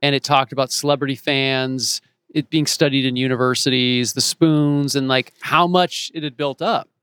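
A man in his forties, an actor and author, telling stories as an interview guest, animated and acting out the voices of the people he quotes. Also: medium pitch, moderate pace, smooth, no echo. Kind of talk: casual storytelling in an interview. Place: home in Los Angeles.

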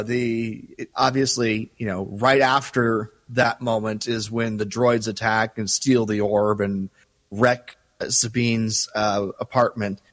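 A man's voice: mid-range voice, a bit bright. A man co-hosting a fan podcast, recapping scenes in an easygoing way. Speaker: podcast co-host. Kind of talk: casual fan podcast discussion.

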